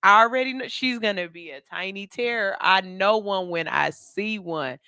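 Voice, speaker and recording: Brief: animated male radio host with a bright, crisp voice, dry close sound. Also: high voice, normal speed, dry recording. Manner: animated, repeats himself for emphasis. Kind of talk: casual commentary on clips.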